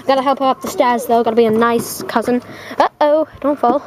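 A woman's voice: on the high side, fairly even intonation, brisk, a little hiss or hum. A woman filming a toddler with a handheld camera, narrating teasingly like a nature documentary. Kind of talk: playful home video narration. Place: family home.

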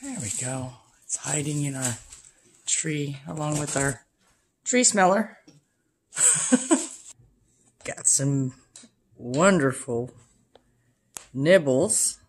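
A woman's voice: low-pitched, drawn-out words, pauses often, a little hiss or hum. A woman chatting casually at home in a vlog, narrating as she opens gifts and decorates a tree. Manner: sing-song baby talk to pets, then soft chatty narration. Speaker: vlogger.

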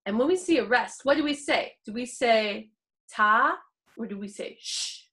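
A woman's voice: on the high side, sing-song, measured pace, a bit bright, rough recording. A woman teaching a virtual piano class to preschoolers in a sing-song, playfully exaggerated way. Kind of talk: virtual music class for young children.

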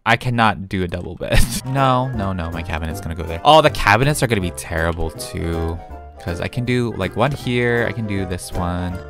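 A young man chatting casually as he builds a house in a game, excitable, with sudden gasps and squeals. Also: low-pitched. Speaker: game building video creator. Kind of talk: casual gameplay commentary.

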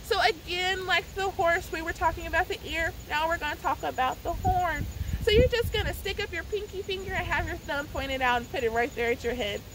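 High, sing-song woman teaching kids. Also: a little fast, noisy background. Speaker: children's librarian. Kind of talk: children's sign language lesson. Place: outdoors at a farm.

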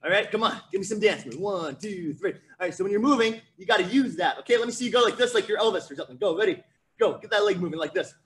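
A man's voice: sits high, lively intonation, very fast, a bit bright. A man teaching a virtual martial arts class to kids, coaching energetically and counting out drills. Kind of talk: virtual kids' class instruction.

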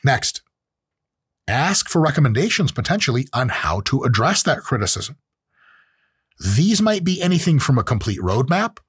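A man's voice: mid-range voice, very animated, moderate pace, husky, dry recording, clean studio sound. A man hosting a show, giving advice in a casual, profane, joking monologue. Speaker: podcast host.

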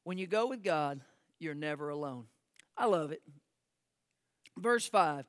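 A man preaching a sermon as pastor, swinging from shouted peaks to hushed, close asides. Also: on the high side, animated, a little slow, pauses often, smooth, no room sound. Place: church sanctuary.

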